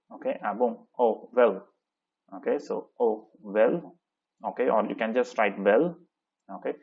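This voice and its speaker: A man teaching a French lesson, reading textbook lines slowly and translating each one with many "okay, so" fillers. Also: lowish voice, dull audio. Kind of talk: classroom lesson explaining a textbook dialogue.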